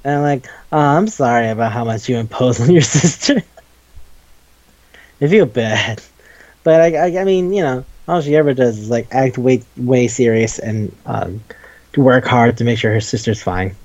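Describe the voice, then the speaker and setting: A man chats casually about manga in a dark, mellow voice, acting out scenes with quoted lines and cursing freely. The recording is dull and lo-fi. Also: medium pitch, moderate pace. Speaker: podcast co-host.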